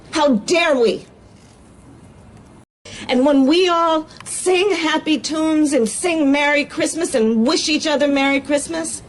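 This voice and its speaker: Lady giving an emphatic speech, high pitched, bit of noise behind. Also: takes it slowly, poor audio. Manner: emphatic, repetitive rhetorical. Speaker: politician speaking at event.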